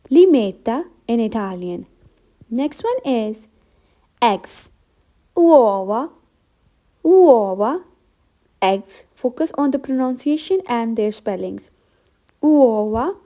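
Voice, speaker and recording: A young woman teaching vocabulary in a lesson, slowly and deliberately repeating each word. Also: a little high, warm tone. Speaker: language teacher.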